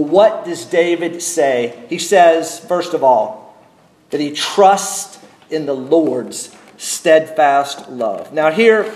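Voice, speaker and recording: Measured, emphatic preacher in an echoey room. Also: male voice, on the high side, a little mellow. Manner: measured, emphatic delivery with deliberate pauses. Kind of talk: expository sermon.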